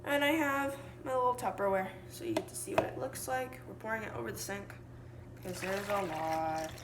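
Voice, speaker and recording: A woman's voice: mid-range voice, moderate pace. A teenage girl vlogging casually from her home kitchen, joking and self-deprecating, filmed on a phone. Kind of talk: casual cooking vlog. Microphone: phone camera. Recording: echoey room, faint noise.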